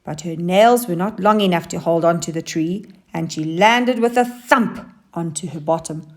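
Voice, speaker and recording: A woman teacher reading a children's story aloud, with expressive and animated delivery. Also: fairly low pitch, moderate pace. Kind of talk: storybook narration.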